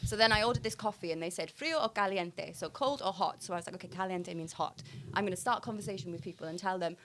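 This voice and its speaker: A woman telling funny travel stories on a podcast, quick and excitable. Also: fairly low pitch, a little hiss or hum. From Wales. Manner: excitable, fast storytelling. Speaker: comedian guest. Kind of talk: casual pub chat, comic storytelling.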